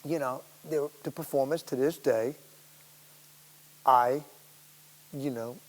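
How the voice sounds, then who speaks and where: A man who is a guest actor, telling rambling, animated anecdotes at a public Q&A, laughing and swearing as he goes. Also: mid-range voice, takes it slowly. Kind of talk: storytelling in a public Q&A. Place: school auditorium. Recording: echoey hall with faint hiss.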